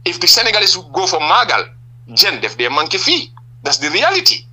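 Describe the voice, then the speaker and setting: A man's voice: sits high, wildly swooping pitch, brisk, sharp tone, husky, rough recording. A man with a Gambian accent, a political party leader giving impassioned answers in a radio interview, stressing point after point and firing rhetorical questions.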